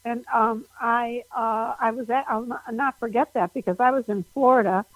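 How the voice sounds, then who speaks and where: A woman comedian guesting on an interview over the phone, talking animatedly with frequent laughs and big pitch jumps. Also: steady tone, normal speed, no room sound, poor audio.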